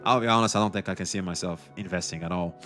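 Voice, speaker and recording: A young male streamer chatting casually to his viewers, rambling through his points with restarts and loose swearing. His voice is bright and forceful, and soft music plays faintly behind him. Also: low voice, quick pace. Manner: rambling, animated, swears freely. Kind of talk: casual livestream chat.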